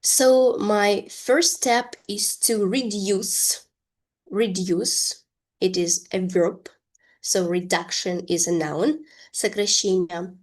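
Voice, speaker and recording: A woman leads an English lesson at a very unhurried pace. She stretches out each word carefully, stopping to point out stress and silent letters. Her voice sits at a middling pitch. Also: fairly even intonation. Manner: slow, careful pronunciation drills. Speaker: English teacher. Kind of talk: language lesson.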